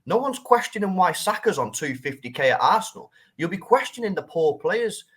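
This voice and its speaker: A man on a football fan panel, arguing his point in an animated, insistent way. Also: high-pitched, fairly quick, slightly rough. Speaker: panel guest. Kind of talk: football opinion talk.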